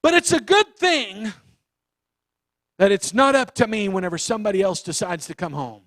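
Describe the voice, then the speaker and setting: A man preaching a youth sermon, animated and acting out the voices of the story. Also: sits high, moderate pace, no echo. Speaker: youth pastor.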